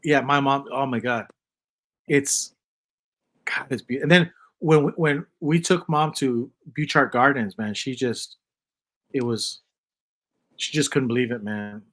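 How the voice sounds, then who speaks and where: A man in his fifties hosting a casual livestream chat, rambling and joking in a loose, animated way. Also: mid-range voice, a little slow, pauses often, poor audio. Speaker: host.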